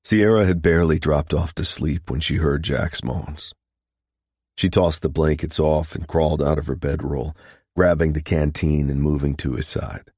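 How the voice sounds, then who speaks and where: Man, audiobook narrator, steady storytelling, husky, dry close recording. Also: rumbling low, dry recording.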